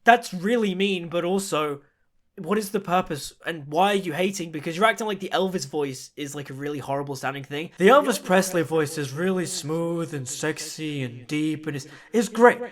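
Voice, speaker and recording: A man's voice: fairly high pitch, normal speed. A man giving a chatty, enthusiastic film review in a casual video.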